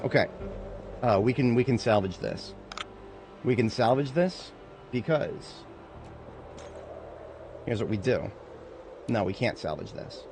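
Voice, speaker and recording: A man with a medium-pitched, animated voice comments casually on his own gameplay, a little slowly and with long pauses. He mutters to himself, swears a lot and swings from mumbling to angry yelling, with game music and sounds in the background of this let's-play.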